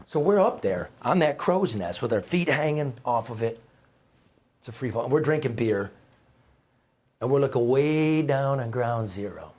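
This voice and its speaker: Husky middle-aged guy rambling through stories, pushes hard on some words. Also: medium pitch, lively intonation, moderate pace, darkish tone. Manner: rambling, heartfelt, with restarts and bursts of emphasis. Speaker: guest, former newspaper reporter. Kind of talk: conversational storytelling.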